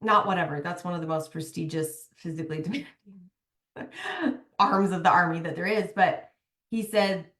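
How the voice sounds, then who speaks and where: A woman's voice: on the low side, animated, normal speed, a bit bright. A young woman talking candidly to other mothers in a motivational talk, chatty and emphatic, often saying "like". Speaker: mom coach, podcast host. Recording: echoey room.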